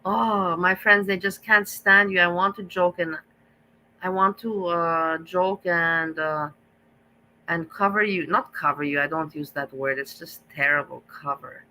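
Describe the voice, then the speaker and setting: A woman's voice: fairly low pitch, steady tone, measured pace, bright, forceful tone, a little hiss or hum, poor audio. A woman hosting a live reaction stream, talking in a rambling, gossipy way that repeats itself and restarts often.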